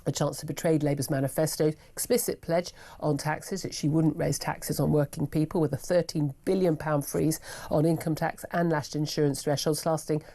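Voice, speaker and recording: Low, dark-toned British woman radio host with a gravelly cold, brisk and sardonic. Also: fairly even intonation. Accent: British English. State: sniffly from a cold. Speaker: radio talk show host. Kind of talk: opinionated talk radio monologue. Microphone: studio microphone.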